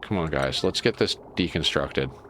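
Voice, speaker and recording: A man's voice: rumbling low, lively intonation, moderate pace, a bit bright, slight background noise. A man streaming a colony-building game, talking to himself in a casual, muttering way as he plans and fixes things. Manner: muttering to himself while planning. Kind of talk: casual gameplay commentary.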